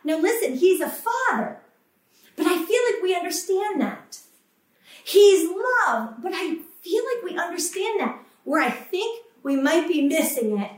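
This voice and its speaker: A woman preaching a sermon with passion, acting out the voices of the people she quotes and repeating words for emphasis. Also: very high voice. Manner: impassioned, acts out quoted voices, emphatic repetition. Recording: echoey room, voice from a distance.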